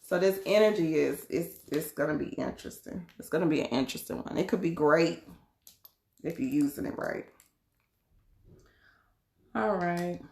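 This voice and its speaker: A woman's voice: sits low, normal speed, vocal fry, long pauses, a little mellow, reverberant. A woman doing a casual live tarot reading, chatty and laughing often, calling her viewers y'all and beloved. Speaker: tarot card reader.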